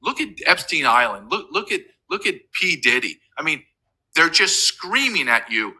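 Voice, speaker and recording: An impassioned male interview guest who speaks with urgency and emphasis and often breaks off to restart a sentence. His pitch swings widely, and his tone is sharp and forceful throughout. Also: big pitch swings, normal speed, slightly rough, rough recording.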